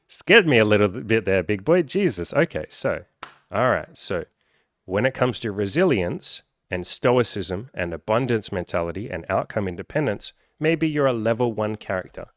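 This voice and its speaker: Low-voiced profane male coach. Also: moderate pace, dry recording, studio quality. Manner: profane, animated, acts out quoted voices. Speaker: self-improvement coach. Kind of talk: casual direct-to-camera vlog.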